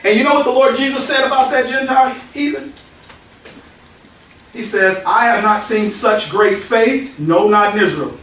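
A pastor with a fairly high, fairly bright voice gives conversational, verse-by-verse Bible teaching at a moderate pace, alternating quoted scripture with casual stories. He sounds set back from the mic in a very echoey hall, with faint noise underneath.

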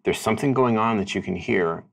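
Deep male storyteller, wry, vivid scene-setting for tabletop play. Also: vocal fry. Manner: descriptive, wry, unhurried storytelling. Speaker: game master. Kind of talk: narrating a tabletop game.

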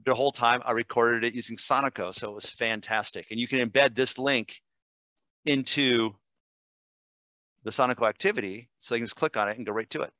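A man, a language teacher, demonstrating software in a webinar, enthusiastic and quick, with fillers and self-corrections. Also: medium pitch, no echo, muffled recording. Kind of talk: screen-share webinar demo.

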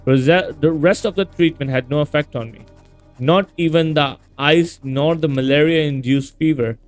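A man reading a scared young man haunted by his asylum years, in a horror game. He sounds anxious and confiding, his voice a bit high. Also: normal speed, soft background music, lightly acted. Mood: fearful. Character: frightened young man, former asylum patient.

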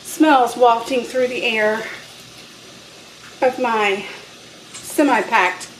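A woman's voice: fairly high pitch, extremely slow. A woman co-hosting a podcast, baking in her home kitchen and chatting in a rambling way with fillers. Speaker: podcast co-host baking on the show. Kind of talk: casual cooking chat. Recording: echoey kitchen with faint noise.

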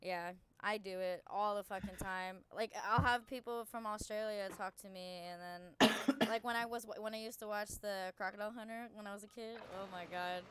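A young woman hosts a live stream and chats casually while gaming. Her voice sits at an ordinary middle pitch. She rambles, swears freely and keeps correcting herself mid-sentence. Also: steady tone, a bit bright, clean tone, dry recording. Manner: rambling and profane, quick self-corrections. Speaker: streamer host.

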